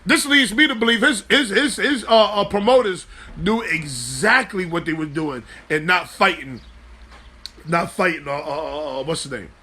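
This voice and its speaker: A man hosting a live sports talk show, animated, joking loosely and swearing freely. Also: sits high, normal speed, a little hiss or hum. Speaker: host.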